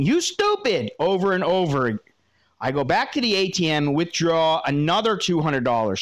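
Blunt, lively man ranting advice. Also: high-pitched. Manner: blunt, profane, animated ranting. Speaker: advice show host reading a listener's letter. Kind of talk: casual advice commentary.

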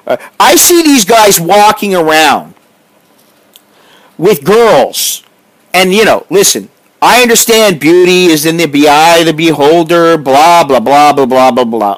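A man's voice: a little high, expressive, normal speed, poor audio. A middle-aged man from the United States, ranting in a profane, combative vlog monologue. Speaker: vlogger.

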